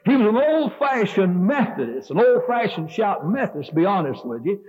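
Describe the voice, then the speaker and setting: A man's voice: high-pitched, sing-song, normal speed, darkish tone, breathy edge. A man, preaching a revival sermon with a fervent, rising and falling cadence in a church. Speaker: Baptist preacher. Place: church sanctuary. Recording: dull lo-fi sermon tape.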